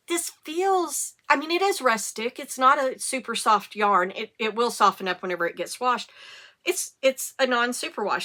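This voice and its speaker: A middle-aged woman, hosting a casual knitting podcast and telling animated stories, with the occasional cough and hiccup. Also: mid-range voice. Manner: chatty, animated storytelling with rising excitement. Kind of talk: casual chat.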